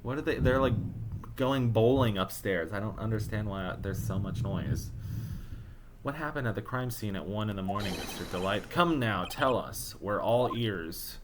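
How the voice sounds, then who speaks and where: A jokey low-voiced man playing a courtroom game. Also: lively intonation, background noise. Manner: jokey, riffs and puns between lines, quick asides. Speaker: let's play host reading game dialogue aloud. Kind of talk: playful let's play narration with voiced characters.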